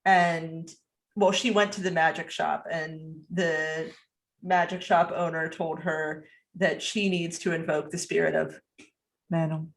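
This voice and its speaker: Slow-talking woman on a podcast. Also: low-pitched, level tone. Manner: unhurried, hesitant, with fillers and little laughs. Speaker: podcast co-host. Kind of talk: casual movie recap chat.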